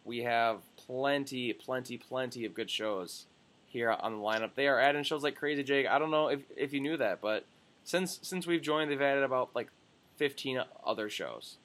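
A young man hosting a sports podcast, talking in an excitable, jokey way and swearing freely. His voice sits at a middle pitch and sounds youthful. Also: normal speed. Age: young adult. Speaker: podcast co-host. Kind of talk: casual sports podcast chat.

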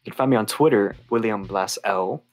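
A man's voice: on the low side, brisk. A man co-hosting a podcast, signing off in a joking, offhand way. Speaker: podcast co-host. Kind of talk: casual podcast chat.

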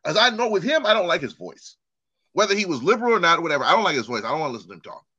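A man's voice: on the high side, sing-song, racing, pushed and bright, breathy edge, muffled recording. A man co-hosting a casual chat, ranting in a profane way and often restarting his sentences.

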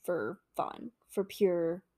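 A young woman co-hosting a casual podcast, laid-back and apologetic, often trailing off softly. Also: lowish voice, animated, extremely slow, a loud crowd. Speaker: podcast co-host. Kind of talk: casual chat.

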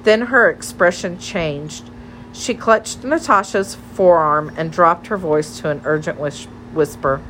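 A woman narrating a children's story in a gentle, measured reading. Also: on the low side, a little hiss or hum. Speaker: audiobook narrator.

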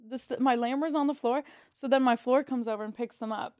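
A woman casino dealer and podcast co-host telling a story in casual chat, animated, full of "like" and the odd swear word. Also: high-pitched, fast talker, hardly any pauses, no echo, studio quality. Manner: animated, heavy use of "like", swearing.

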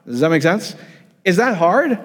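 A man's voice: high-pitched, sing-song, normal speed, in a large hall. A man preaching a sermon, emphatic and repetitive, often restarting his sentences. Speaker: pastor.

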